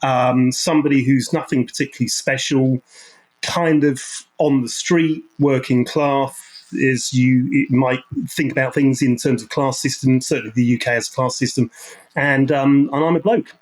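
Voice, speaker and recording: A man's voice: medium pitch, fairly even intonation, moderate pace, poor audio. A man in his sixties with a London accent, a podcast guest telling his life story over a remote call in an earnest, reflective way, often restarting his sentences. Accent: London English. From London, England. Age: 60s. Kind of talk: interview storytelling.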